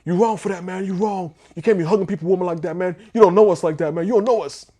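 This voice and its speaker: A man's voice: high-pitched, fast talker, mellow, voice pushed up. A man voicing an agitated young male client who keeps repeating heated accusations in street-style talk. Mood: emotional.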